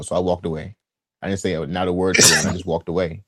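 A man's voice: low voice, little pitch movement, fast talker, fairly bright tone, slightly rough. A young man from Washington, D.C., earnestly telling a personal story in casual slang, with frequent restarts. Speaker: guest sharing his testimony.

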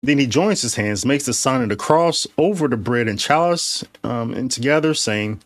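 A man's voice: medium pitch, expressive, no room sound. A man reading the words of the Mass aloud and commenting on them in a critical, casual way. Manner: reads liturgy slowly and deliberately, then comments casually.

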